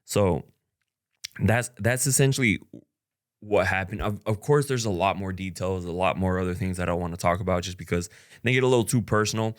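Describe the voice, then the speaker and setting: A man's voice: deep voice, fairly quick. A young man talking frankly and at length about a breakup in a casual vlog, rambling with many fillers. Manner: rambling, frank, full of "like" and "you know". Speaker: content creator. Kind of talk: candid personal vlog talk.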